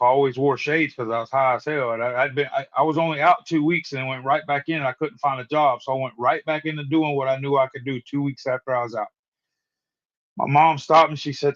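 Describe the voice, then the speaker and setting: A man's voice: medium pitch, fairly even intonation, brisk, fairly bright tone, highs cut off. A man in his forties telling his recovery testimony as a guest, earnest and repeating words as he restarts his sentences. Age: 40s. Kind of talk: personal testimony storytelling. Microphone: remote live-stream call.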